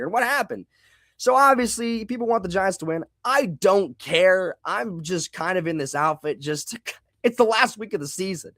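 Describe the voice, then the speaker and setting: A young man with a fairly high voice hosts a live football reaction stream. He rambles, restarts his sentences and reads chat comments out loud. The sound is close and dry, with no room around it. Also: dry recording.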